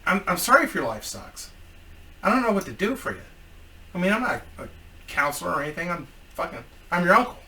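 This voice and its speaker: Vlogger man, sharp piercing voice, a bit high, cursing and rambling, mic set back. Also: very animated, fairly quick, recorded from a distance. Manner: profane and rambling. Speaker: YouTuber. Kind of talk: casual storytelling vlog.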